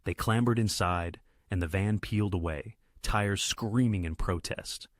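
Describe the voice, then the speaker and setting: A man reading a dramatic story aloud in a steady narration. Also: lowish voice, a little slow, no echo, clean studio sound.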